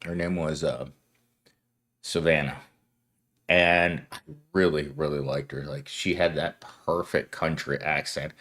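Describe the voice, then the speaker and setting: A man's voice: extremely low pitch, steady tone, a little slow, pauses often, a bit bright. A tired man hosting a casual livestream, rambling from story to story and chuckling often. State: tired, just woke up. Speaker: livestream host.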